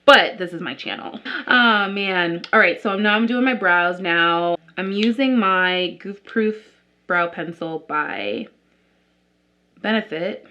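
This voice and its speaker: A woman's voice: on the low side, takes it slowly, dull audio. Chatty young woman rambling over makeup. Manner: chatty, rambling, many likes and restarts. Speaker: beauty vlogger. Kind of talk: casual chat while doing makeup.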